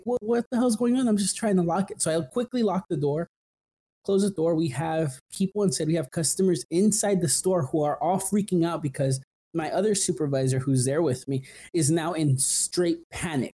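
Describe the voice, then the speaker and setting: Young male podcast host, mellow tone, loose rambling storyteller with lots of filler words. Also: fairly high pitch. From San Fernando Valley, California. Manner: rambling, full of "like" and "um", restarts often. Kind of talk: casual storytelling.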